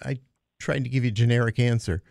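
A man's voice: medium pitch, steady tone, quick pace, vocal fry, a little mellow, no room sound, studio quality. A man co-hosting a radio show, patiently explaining computer steps to a caller. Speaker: tech expert co-host. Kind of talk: on-air explanation.

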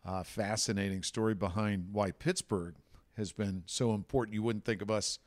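A man's voice: lowish voice, steady tone, moderate pace. A man hosting a radio talk show, wrapping up the episode with thanks and plugs in an easygoing way, recorded in a wine cellar. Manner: easygoing, host-like wrap-up. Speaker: radio host. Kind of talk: casual chat with show plugs.

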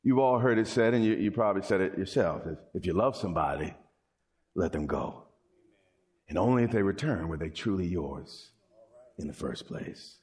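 A man preaching a sermon, playful and animated, acting out quotes and joking with the congregation. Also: deep voice, moderate pace.

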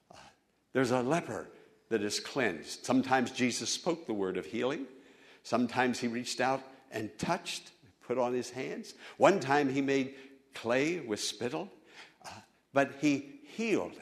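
A male pastor preaching a sermon, building to loud, fervent appeals to the congregation. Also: medium pitch.

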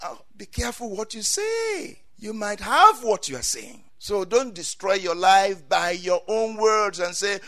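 A man preaching a sermon, swinging from quiet asides to loud cries and saying amen often. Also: sits high, sing-song, measured pace, few pauses.

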